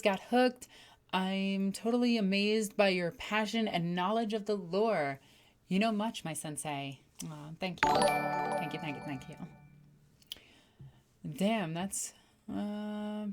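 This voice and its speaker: A woman chatting casually on a livestream, telling stories with animated energy and reading out viewer messages. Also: medium pitch. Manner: excitable, animated storytelling with acted-out voices. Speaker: streamer.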